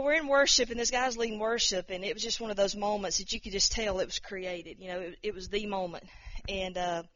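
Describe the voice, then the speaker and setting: Sharing a testimony, a woman speaks informally in a mid-range, slightly bright voice, rambling, repeating words, and acting out the voices of people she quotes. There's no room sound, and the highs are cut off.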